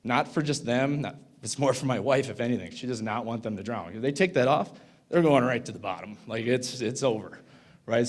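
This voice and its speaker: A man in his thirties gives a conference talk and tells a story. He talks casually, uses lots of "like," and keeps checking with the audience. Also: mid-range voice. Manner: casual, filler-heavy, asks the audience "right?". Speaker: conference speaker. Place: conference hall.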